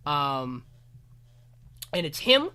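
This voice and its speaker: Bright-voiced man recapping anime. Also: on the high side, big pitch swings, drawn-out words, clean tone. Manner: rambling, filler-heavy, swears casually. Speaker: podcast co-host. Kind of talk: casual anime episode recap.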